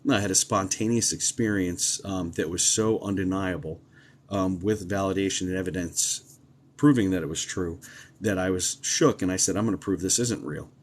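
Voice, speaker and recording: Low-voiced man chatting on a live stream. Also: moderate pace. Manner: chatty, relaxed, many ums and uhs. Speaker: psychic medium hosting a live stream. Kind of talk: casual live-stream chat and storytelling.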